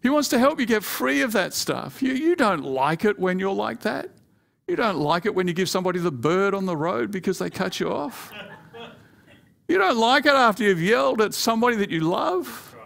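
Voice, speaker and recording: Male pastor, sermon, gravelly tone, voice climbs high to press points. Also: very animated, moderate pace, fairly bright tone. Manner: rising pitch and volume when pressing a point, playful asides.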